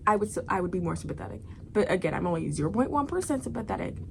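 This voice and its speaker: A woman's voice: mid-range voice, sing-song, very fast, gravelly, noisy background. A woman reviewing a book in a casual chat, rambling with lots of fillers and dramatic asides.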